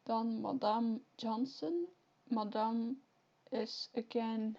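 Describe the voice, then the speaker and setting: A woman's voice: fairly high pitch, slow, vocal fry, warm tone, husky. A young woman with a Flemish accent, chatting casually and animatedly on a live stream, often correcting herself mid-sentence. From Flanders, Belgium. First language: Dutch (Flemish). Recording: lo-fi stream audio.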